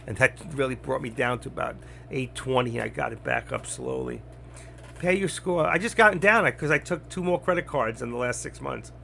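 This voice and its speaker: An older man talking bluntly and rambling on a trading live stream, getting louder as he teaches. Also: medium pitch, creaky, a little hiss or hum. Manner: blunt, rambling, gets loud when teaching. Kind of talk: casual live-stream talk.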